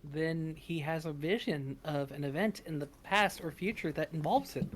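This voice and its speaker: A woman on a game stream, playful and excitable. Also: deep voice, moderate pace, a little hiss or hum.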